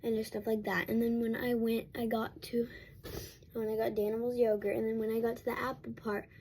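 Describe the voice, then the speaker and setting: A woman's voice: fairly high pitch, level tone, fairly quick, darkish tone, breathy edge. Rambling young woman telling a storytime. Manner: rambling, with many restarts and fillers. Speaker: vlogger. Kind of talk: casual storytime while getting ready.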